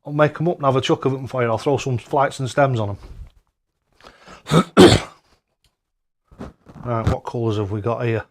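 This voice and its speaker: A man's voice: medium pitch, fairly even intonation, normal speed, pauses often. Chatty man hosting a darts stream. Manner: chatty and jokey, laughs often, loud when greeting viewers. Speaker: darts live-stream host. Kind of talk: casual live-stream chat.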